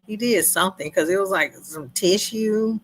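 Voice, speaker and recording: A woman co-hosting a casual movie review chat, animated and laughing often as she acts out scenes in quoted voices. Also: mid-range voice, moderate pace, slight background noise, low-quality recording.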